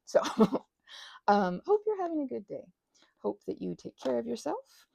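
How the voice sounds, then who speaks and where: A woman rambling casually as she presses flowers, often interrupting herself, giggling and dropping into soft whispers. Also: medium pitch, sing-song, moderate pace, vocal fry. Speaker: channel host.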